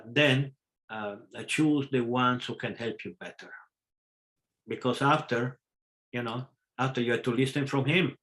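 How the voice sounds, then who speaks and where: A man with a non-native English accent, giving a spiritual class over a video call. He talks haltingly, with fillers and restarts, and is frank, hitting sudden loud stresses. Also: medium pitch, rough recording. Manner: halting, with fillers and self-corrections. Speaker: spiritual teacher. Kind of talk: live class lecture.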